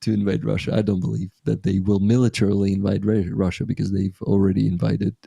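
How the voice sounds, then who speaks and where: A man's voice: fairly low pitch, level tone, fast, vocal fry, mellow, husky, no room sound. A man chatting as a guest, playful and laughing between his points. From Ukraine. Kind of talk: casual chat.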